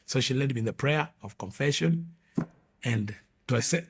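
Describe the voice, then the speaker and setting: A man earnestly telling his personal testimony in a halting way, restarting his sentences often. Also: mid-range voice, expressive, creaky, breathy edge. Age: 20s or older, adult.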